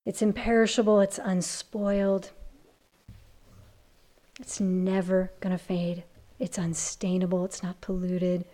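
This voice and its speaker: A woman teaching a Bible study to a group of women, earnest and building from hushed to emphatic. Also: lowish voice, level tone, a little slow, pauses often.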